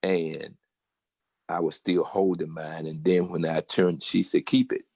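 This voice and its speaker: An older man with a Southern drawl tells a story, and his low voice sounds gravelly with heavy fry. His tone is husky and a little raspy, and he acts out the people he quotes with lively energy. The sound is dry and close. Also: unhurried, no echo. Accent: Southern American. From Virginia. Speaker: guest storyteller. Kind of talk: casual storytelling.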